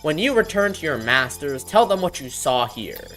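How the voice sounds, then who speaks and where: An actor playing a formal, measured researcher character in a video game. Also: medium pitch, very animated, fairly bright tone, faint music behind. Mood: grave. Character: scholarly researcher studying a ruined tower.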